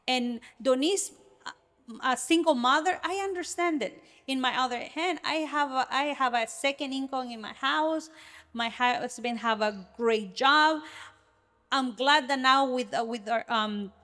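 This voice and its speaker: A woman co-hosting a casual podcast, her voice sitting a bit high. She talks earnestly and with energy, often restarting her sentences as she works out what she means. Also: measured pace. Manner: earnest, animated, many restarts. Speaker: podcast co-host.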